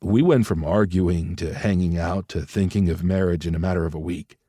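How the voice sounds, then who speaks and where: A man voicing a soft-spoken bashful lover. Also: low voice, normal speed, breathy edge, no room sound, studio quality. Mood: earnest. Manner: soft, hesitant, subdued. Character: gentle, bashful grown man in love.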